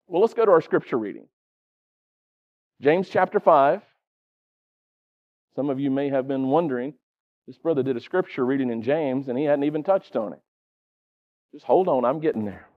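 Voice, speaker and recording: Man, middle-aged, preacher, sermon, conversational, quizzes the congregation, high voice, muffled lo-fi sound.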